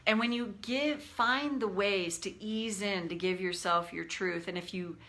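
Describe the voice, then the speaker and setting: A woman coaching viewers on a livestream, candid and animated, speaking to them by name. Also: mid-range voice, measured pace. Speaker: tapping coach.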